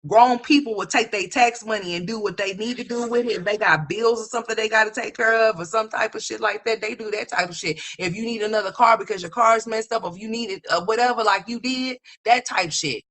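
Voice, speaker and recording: A woman commentator ranting with incredulous, profane, rapid-fire talk full of restarts. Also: on the high side, a bit bright.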